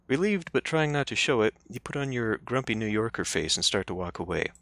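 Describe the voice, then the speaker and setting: A man's voice: mid-range voice, sing-song, brisk, few pauses, a bit bright, no echo. A man playing a story game, reading its narration aloud and breaking off into casual joking asides. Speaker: let's play streamer.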